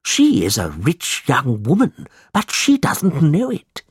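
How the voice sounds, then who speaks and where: Storybook villain: a man doing a greedy old moneylender, high and nasal-thin, dragging his words, voice swooping up at phrase ends. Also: huge pitch swings, breathy edge, no echo, heavily acted. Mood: aggrieved. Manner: slow, drawn-out, high-pitched whine. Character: scheming old male moneylender.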